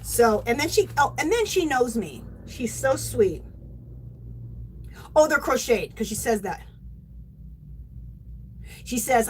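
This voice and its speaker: A woman's voice: fairly high pitch, very animated, unhurried, long pauses, slightly rough, rough recording. A middle-aged woman hosting a yarn craft livestream, gushing and chatting casually to her viewers.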